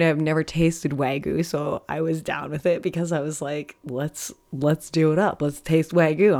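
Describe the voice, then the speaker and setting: Low-voiced woman telling candid stories. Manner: candid, profane, laughs often while telling stories. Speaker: podcast host. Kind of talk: casual storytelling monologue.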